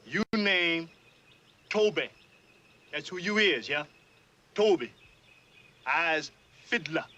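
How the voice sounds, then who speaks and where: A fawning old enslaved fiddler. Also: male voice, fairly high pitch, pushed and bright, muffled recording, full character voice. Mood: scolding. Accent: American Southern. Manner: drawling Southern dialect, pleading then scolding. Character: older enslaved male fiddler, fawning to master, harsh to newcomer. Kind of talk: period film drama.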